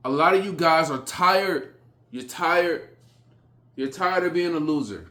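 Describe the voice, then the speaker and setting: A man giving a blunt motivational speech, repeating short phrases with sudden forceful rises. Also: fairly high pitch. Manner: blunt, repetitive, hammering phrases; slow, emphatic delivery with sudden loud rises. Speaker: motivational speaker.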